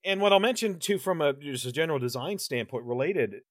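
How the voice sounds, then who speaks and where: A man's voice: on the high side, animated, fairly quick, no room sound. A man co-hosting a podcast, chatting casually about a horror movie, rambling with lots of restarts and swearing. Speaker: podcast co-host. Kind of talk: casual movie review chat.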